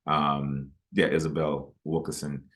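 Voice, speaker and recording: A man's voice: a bass voice, level tone, a little slow, fairly bright tone. A man, a guest author in a webinar interview, explaining his ideas with stories and asides.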